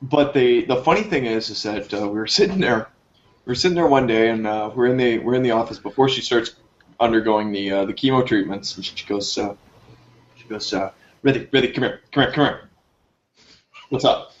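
Animated storytelling guy, dull lo-fi sound. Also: a little fast. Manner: animated, jumps high for quoted reactions. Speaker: podcast co-host telling a story. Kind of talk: casual storytelling chat. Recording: dull lo-fi recording.

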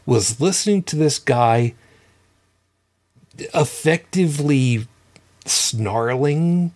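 A man in his fifties co-hosting a podcast, talking in a casual, halting way with many restarts and some swearing. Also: fairly high pitch, animated, darkish tone. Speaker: podcast co-host. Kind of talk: casual chat.

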